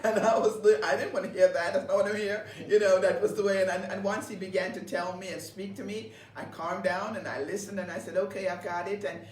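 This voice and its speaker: Woman pastor, broadcast co-host, lively storyteller; roomy sound with faint noise. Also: mid-range voice, quick pace, hardly any pauses. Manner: lively storytelling, laughs often, repeats words. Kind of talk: conversational ministry broadcast. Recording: roomy, distant mic with faint background noise.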